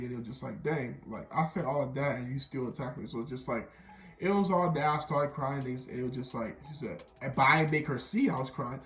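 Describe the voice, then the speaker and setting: A man's voice: mid-range voice, roomy sound. A young man from Miami telling a rambling storytime vlog, often repeating himself and quoting others. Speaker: vlogger.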